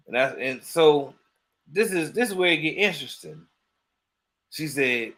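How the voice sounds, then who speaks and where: AAVE-male co-host, slow animated storyteller with a middle-range voice. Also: mid-range voice. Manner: animated storyteller, acts out quoted dialogue, laughs often. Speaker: podcast co-host. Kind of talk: casual storytelling chat.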